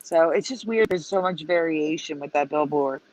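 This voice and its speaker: A woman's voice: deep voice, moderate pace, a little mellow. A woman co-hosting a casual livestream chat, explaining pictures and asking viewers questions. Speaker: co-host. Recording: dull lo-fi stream audio.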